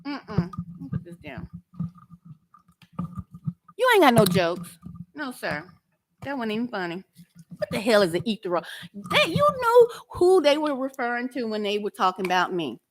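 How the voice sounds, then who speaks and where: With no echo in the recording, a high-leaning female voice moves through big pitch swings at normal speed, pausing often. The speaker, a YouTube commentator, reacts to a man with confrontational mockery aimed right at him, drawling and repeating words to stress them.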